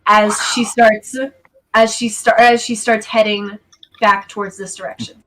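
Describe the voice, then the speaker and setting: A woman's voice: medium pitch, little pitch movement, measured pace, fairly bright tone, poor audio. A woman running a tabletop game as dungeon master, hesitant with many fillers and often giggling.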